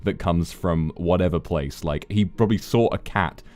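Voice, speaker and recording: A male streamer hosting a casual conversation. His low voice is easygoing and thoughtful, and he talks at a relaxed pace. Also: normal speed, no echo, faint music behind. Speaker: streamer hosting a talk segment. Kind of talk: casual chat.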